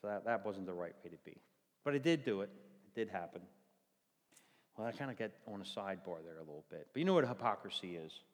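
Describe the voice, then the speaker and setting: A male pastor delivers a folksy sermon with a lively, swinging pitch. His voice carries a long reverb, as if filling a church hall. He tells everyday stories in an animated way. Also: fast.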